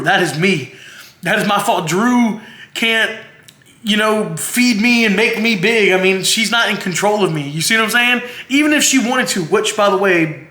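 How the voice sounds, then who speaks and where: A man with a high, bright voice, talking in an earnest and emotional way, close to tears as he rambles on. His voice carries a roomy echo. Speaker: vlogger, husband. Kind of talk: heartfelt to-camera monologue.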